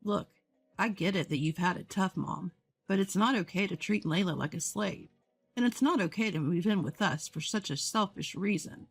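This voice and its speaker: A woman's voice: lowish voice, moderate pace, gravelly, husky. A woman voicing a fair-minded young husband in a storybook narration, speaking in an earnest, reasonable way. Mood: firm.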